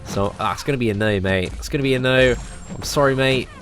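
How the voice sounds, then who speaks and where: A man's voice: medium pitch, fairly quick, faint music behind. A young man, chatting cheekily with viewers on a late-night live stream, swearing casually and calling everyone mate.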